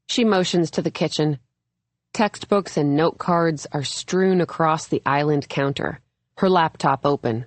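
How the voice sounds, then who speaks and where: A young adult woman reading a first-person thriller audiobook in a measured, even storytelling manner. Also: low voice, no room sound. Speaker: audiobook narrator. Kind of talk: scripted first-person narration.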